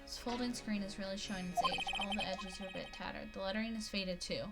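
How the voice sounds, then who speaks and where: A woman reading a game's inner monologue aloud in a wry, deadpan way. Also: medium pitch, fast talker, over loud music. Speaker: let's-play narrator. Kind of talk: reading game dialogue aloud.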